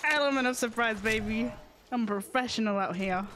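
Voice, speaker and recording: A young woman streamer giving casual, profane and excitable commentary while she plays a shooter game, laughing often. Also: a little high, normal speed, background noise. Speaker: gaming streamer. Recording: gameplay audio with gunfire behind. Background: game gunfire.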